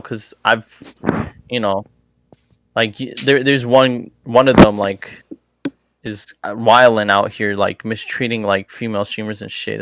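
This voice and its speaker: A man's voice: mid-range voice, fairly bright tone, no echo. A man, a guest on a podcast, talking casually and rambling with lots of fillers. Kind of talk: casual chat.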